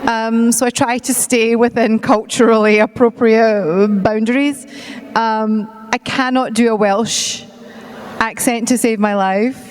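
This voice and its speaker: A woman's voice: a little high, steady tone, measured pace, clear, resonant tone, big-room sound. Chatty Scottish woman on a panel stage. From Scotland. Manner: chatty, self-deprecating, laughs often. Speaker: convention panel guest actor. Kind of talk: casual panel talk. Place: convention hall stage.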